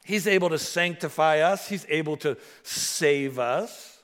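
A man's voice: on the high side, a little slow. Man preaching a sermon in a reverberant hall. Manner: swells from loud emphatic preaching to soft earnest appeal. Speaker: pastor. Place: church sanctuary.

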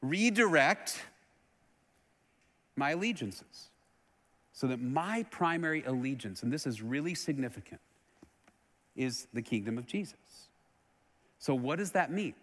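A middle-aged man from Texas preaching a sermon as pastor, earnestly, swelling loud and then dropping low and soft. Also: animated, moderate pace, long pauses. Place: church sanctuary. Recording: long hall reverb.

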